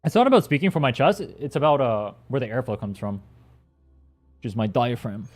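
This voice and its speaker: A man's voice: mid-range voice, sing-song, a little fast, darkish tone. A young man streaming a game, chatting in a rambling, casual way with plenty of swearing, his throat a little strained. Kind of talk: casual gaming stream chat.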